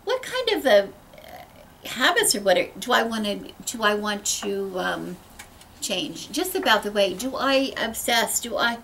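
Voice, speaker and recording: Earnest woman with a gravelly voice. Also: medium pitch, very animated, measured pace, a bit bright, slight background noise, low-quality recording. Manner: rambling, earnest, many restarts. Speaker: host. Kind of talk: casual spiritual talk.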